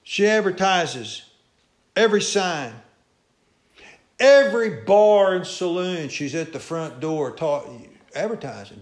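Pastor, male, lively folksy sermon delivery, roomy church sound. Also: slow pace. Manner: folksy preaching, swings between loud calls and low asides. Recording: echoey church room.

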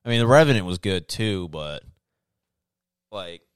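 A man's voice: low-pitched, expressive, measured pace, clear, resonant tone, no echo, studio quality. A young man co-hosting a podcast, chatting loosely and profanely and often slipping into mock voices. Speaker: podcast co-host. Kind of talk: casual chat.

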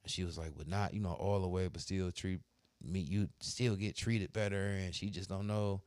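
A man's voice: sits low, fairly even intonation, moderate pace, darkish tone, no echo, clean studio sound. A man who works as a barber and co-hosts a podcast, telling crude, heated stories about arguments in a blunt, profane, casual way. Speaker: podcast co-host.

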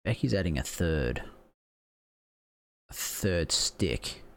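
A man giving casual, excitable live commentary, swearing freely and gasping at the big moves. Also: low voice, takes it slowly, creaky. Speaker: watch-along commentator.

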